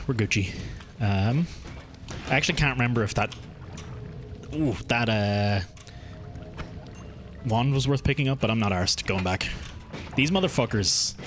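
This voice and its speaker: A man's voice: fairly low pitch, normal speed, long pauses, soft background music. A man with a mild Irish accent, chatting casually and rambling while streaming a game, swearing freely. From Ireland. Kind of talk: casual live-stream chat while gaming.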